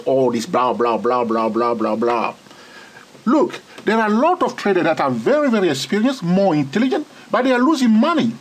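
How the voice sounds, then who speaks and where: Husky man teaching chart trading. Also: sits high, poor audio. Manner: repeats "all right?" and "okay?" often, pointing at charts. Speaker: trading instructor. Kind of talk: screen-recorded trading lesson.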